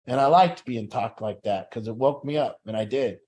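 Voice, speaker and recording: A man's voice: medium pitch, normal speed, hardly any pauses, a little mellow, husky. A middle-aged man leading a recovery group, telling a personal story in a blunt, profane way.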